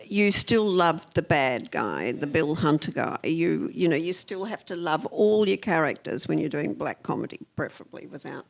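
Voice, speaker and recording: A woman's voice: low voice, animated, moderate pace, vocal fry, hardly any pauses. An older Australian woman, a film editor, chatting onstage in a rambling way full of fillers. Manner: chatty, trailing off with many fillers. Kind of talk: onstage conversation.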